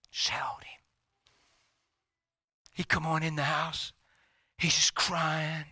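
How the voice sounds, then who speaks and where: A middle-aged man preaching a sermon, telling a story and swinging from loud, emphatic lines to hushed whispers. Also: a little high, little pitch movement, a little slow, pauses often, husky, dry recording, clean studio sound.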